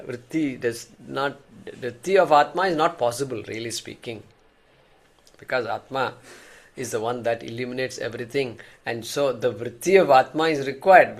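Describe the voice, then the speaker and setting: A man teaching a class, explaining with examples and often repeating words as he thinks. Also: mid-range voice. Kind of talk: class lecture.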